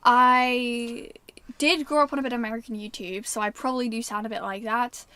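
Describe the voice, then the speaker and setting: A bubbly young woman with a Wiltshire accent chats through a livestream and reads viewer comments aloud. Her voice sits a little high and sounds close and dry. She talks freely and sometimes stumbles over her words. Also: fairly even intonation, a little fast, bright, forceful tone, clean tone, no echo. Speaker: livestream host. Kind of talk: casual livestream chat reading viewer comments. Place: on a narrowboat.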